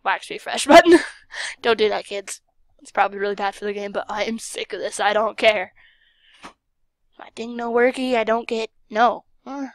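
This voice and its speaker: A young woman casually commenting on a game she plays, excitable and chatty, with sudden whispered asides, close to a desk mic. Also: a little high, normal speed, dry recording. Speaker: gaming channel host.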